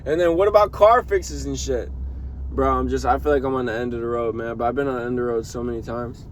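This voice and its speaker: Fast-talking and mid-range in pitch, a young man living in his car delivers a casual vlog monologue to the camera, venting profanely and rambling on. Faint car and street sounds can be heard in the background.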